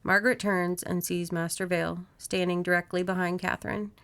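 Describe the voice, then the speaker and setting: A woman hosts a podcast, reading a horror novel aloud at an even pace. Her narration is steady and plain, broken by friendly asides to her co-host. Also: fairly low pitch, brisk, clear, resonant tone.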